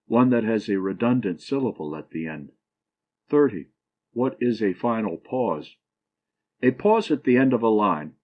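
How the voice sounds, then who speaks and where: A man narrating an audiobook, reading numbered grammar questions and answers in a measured, even way. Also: on the low side, muffled recording. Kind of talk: reading a grammar book aloud.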